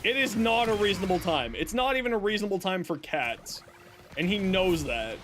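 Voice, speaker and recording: A man livestreams a game, chatting casually and joking with his viewers and his cat. His high-pitched voice is a bit bright, with lively intonation and a slightly fast pace, over slight background noise.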